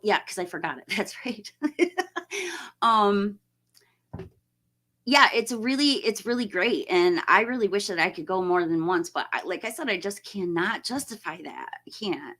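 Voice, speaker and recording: A woman's voice: mid-range voice, bright, forceful tone. A woman hosting a casual live stream, chatting and greeting viewers by name, laughing often.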